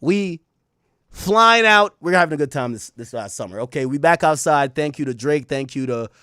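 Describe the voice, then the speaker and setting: A young man hosting a livestream in loose, profane, joking chat, shouting out viewers by city. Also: a little high, animated, normal speed, clear, resonant tone, no echo, studio quality. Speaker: livestream host. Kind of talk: casual livestream commentary.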